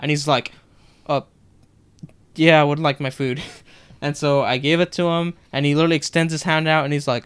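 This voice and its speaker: Young male podcast co-host, animated storyteller, clean resonant voice. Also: a little high, a little fast, pauses often, smooth. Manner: animated, acts out customers' lines in retelling. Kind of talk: casual storytelling chat.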